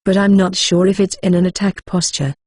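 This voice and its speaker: A man's voice: high-pitched, level tone, fairly quick, husky, no echo, clean studio sound. A man reading a light novel aloud as an audiobook, moving steadily through narration and dialogue.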